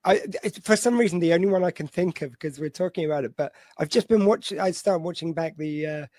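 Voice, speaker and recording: A man hosting a casual chat, throwing in joking asides and quick interjections. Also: on the high side, a little mellow. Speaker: host.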